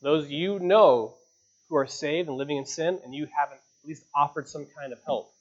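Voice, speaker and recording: A man's voice: steady tone, quick pace, lo-fi sound. Earnest man preaching a sermon. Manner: earnest preaching, pitch and volume rising on emphatic lines. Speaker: pastor. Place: church.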